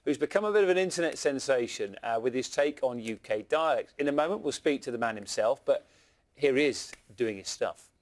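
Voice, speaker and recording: A man's voice: medium pitch, lively intonation, a little fast. A man presenting breakfast television, friendly and hesitant, with fillers.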